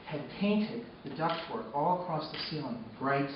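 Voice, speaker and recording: A man telling a personal story on stage, moving between hushed, sombre narration and loud, excited retelling. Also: a little high, normal speed. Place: arts center stage before a live audience. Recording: echoey hall from far off, dull and noisy.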